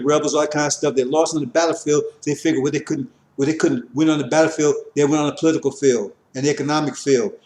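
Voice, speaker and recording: A man giving an impassioned religious lecture, preachy and repetitive, rising to forceful emphasis. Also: fairly high pitch, roomy sound. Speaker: religious teacher.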